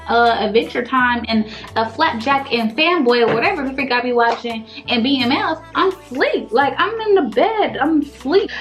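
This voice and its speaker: A young woman telling a casual storytime vlog, animated, slangy and exasperated, full of rhetorical questions. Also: a little high. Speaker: vlogger telling a dating story.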